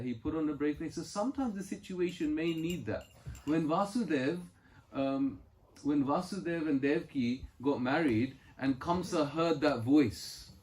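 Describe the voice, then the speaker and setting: A man's voice: mid-range voice, a little mellow, echoey room, rough recording. A man giving a spiritual talk at a home gathering, telling scripture stories and personal anecdotes, quoting verses and explaining them earnestly. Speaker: spiritual speaker.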